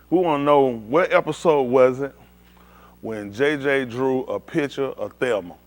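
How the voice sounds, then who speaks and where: A man with a medium-pitched voice hosts a playful trivia game for a room full of people, teasing them and calling on each by name. He speaks slowly, leaving long pauses, and the exchange is lively group banter.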